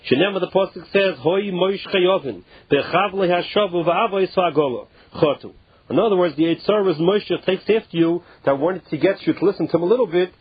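A man teaching a Talmud class, reading phrases slowly and then explaining them casually with many "like"s. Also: high voice, slightly rough, no room sound. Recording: muffled, dull and dry lo-fi recording.

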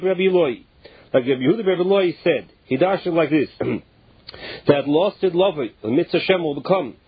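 High-voiced man teaching a Talmud class. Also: slightly rough, no echo. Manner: reads Aramaic phrases slowly, then explains in casual English with many "like"s. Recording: muffled, dull and dry lo-fi recording.

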